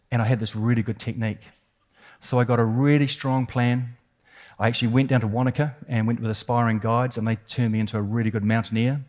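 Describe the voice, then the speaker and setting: A man's voice: mid-range voice, darkish tone. New Zealand man telling a gripping story. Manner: vivid, suspenseful retelling with emphatic repetition. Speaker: keynote speaker. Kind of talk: dramatic personal storytelling talk.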